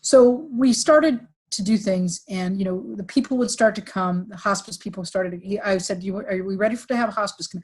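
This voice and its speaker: A middle-aged woman recounting a painful family story on a podcast, with halting restarts and fillers, sometimes quoting others in livelier voices. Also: mid-range voice, husky. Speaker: podcast guest, executive recruiter. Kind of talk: emotional personal storytelling.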